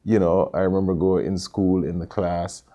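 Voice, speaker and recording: A middle-aged man with a Jamaican accent, telling stories in a relaxed interview with many fillers and restarts. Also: low-pitched, normal speed. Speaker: interview guest, Caribbean store owner. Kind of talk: casual conversational interview.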